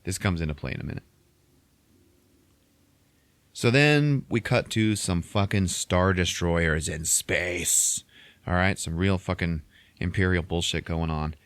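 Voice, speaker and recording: This deep-voiced man speaks at a moderate pace with a fairly bright tone, and no room sound is audible. Hosting a podcast, he rambles through a casual movie recap, swearing heavily and acting out the scenes.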